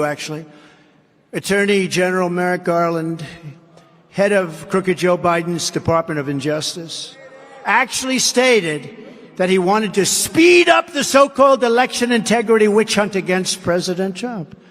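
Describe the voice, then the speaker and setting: A man's voice: sits high, fairly bright tone. A man giving a campaign rally speech as a political candidate, emphatic and repetitive, with rambling asides. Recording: long hall reverb.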